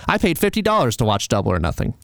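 A man's voice: medium pitch, huge pitch swings, racing, creaky, a bit bright, no room sound, studio quality. A man hosting a solo wrestling commentary show, passionate and argumentative, with sarcastic asides. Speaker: wrestling podcast host.

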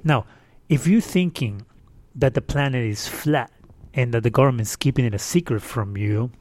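The host of a casual solo podcast chats at a moderate pace, exasperated and rambling with fillers. His voice is medium in pitch and a little mellow. The sound is dry, captured on a distorted home microphone with a windscreen.

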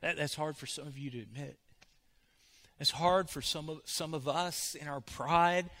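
A male pastor preaching a sermon in a church, shifting from hushed to loud. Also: a little high, normal speed.

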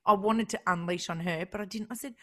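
A woman's voice: mid-range voice, fairly even intonation, sharp tone. A woman co-hosting a radio show, telling stories in casual banter and laughing often. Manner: chatty, storytelling, quick to laugh. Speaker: radio co-host.

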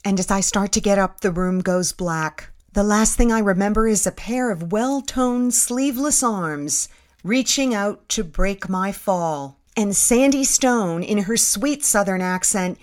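A woman's voice: mid-range voice, a little slow. Female host, 50s, reading her own essay with dry, self-mocking wit. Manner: wry, self-mocking storytelling. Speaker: podcast host and narrator. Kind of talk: reading a personal essay aloud.

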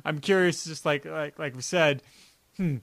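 A young man co-hosts a podcast in loose, rambling chat, circling back with fillers and false starts. His voice sits a bit high and it is recorded close and dry, with no room sound. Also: a little slow, gravelly, a bit bright, dry recording. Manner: rambling, many restarts and "like" fillers. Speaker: podcast co-host. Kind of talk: casual chat.

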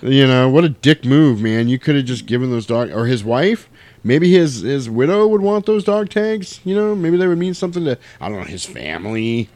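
A man retelling a movie with lively swings in his pitch and a foul-mouthed, joking delivery. His voice sits in a middle register and sounds dry and close to the mic, with no room around it. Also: normal speed, no room sound. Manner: animated, profane, jumps into voices of characters. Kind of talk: casual movie recap chat.

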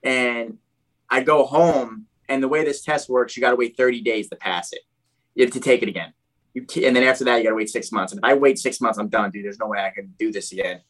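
In a casual podcast conversation, a young man tells his story with lots of animation. He's a fast talker with a mid-range voice who says "dude" a lot and keeps restarting what he's saying.

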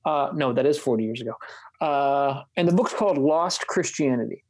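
A man co-hosting a casual talk show, chatting and reading a book passage aloud in a reflective, measured way that slows on key words. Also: medium pitch, a little mellow.

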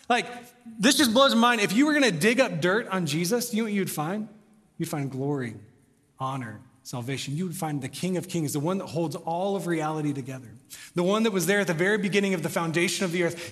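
A man's voice: high-pitched, a bit bright. A young American man preaching a sermon, chatting casually and then rising to passionate emphasis. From United States. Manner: conversational, builds to passionate emphasis. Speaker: pastor. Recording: long hall reverb.

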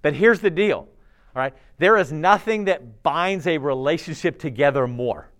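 A middle-aged man gives a sermon to a youth group, talking in a loose, conversational way. His fairly high voice swings widely in pitch as he acts out quoted voices. He keeps checking in with the listeners by asking "okay?" and "all right?". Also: moderate pace. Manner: animated, chatty preaching with frequent "okay?" and "all right?". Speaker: youth pastor.

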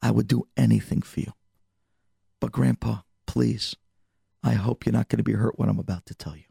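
The figure is an earnest young groom, sincere and gently pleading, voiced by a man telling the story. The voice sits slightly low and carries a husky, gravelly grain. It is recorded dry and close. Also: steady tone, normal speed, no room sound, heavily acted.

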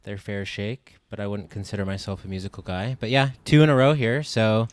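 A man's voice: fairly low pitch, level tone, a little fast, crowd noise. A man in a casual film chat, speaking in a laid-back, hesitant way with many fillers.

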